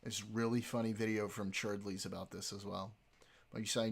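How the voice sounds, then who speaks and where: A man's voice: fairly low pitch, little pitch movement, brisk, vocal fry, breathy edge. A man streaming live, chatting casually with his viewers, joking, swearing and laughing often.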